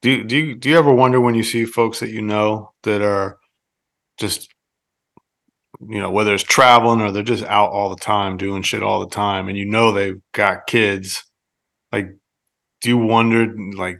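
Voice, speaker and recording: A man's voice: fairly low pitch, steady tone, moderate pace, vocal fry, a bit bright. A man co-hosting a podcast, asking laid-back, reflective questions in casual chat. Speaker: podcast co-host.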